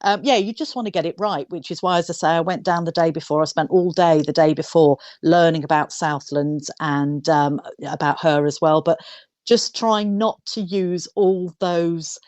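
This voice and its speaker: A woman's voice: low-pitched, normal speed, darkish tone, no room sound. A woman broadcaster fondly recalling commentating on a royal visit, reflective and a little hesitant. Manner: reflective, fond, slightly hesitant. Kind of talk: interview recollection.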